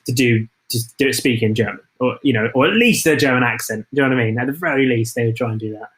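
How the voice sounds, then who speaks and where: Guy co-hosting a film podcast, rambly and keen, average pitch. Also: quick pace, fairly bright tone. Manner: enthusiastic, rambling with restarts. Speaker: podcast co-host. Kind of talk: casual film chat.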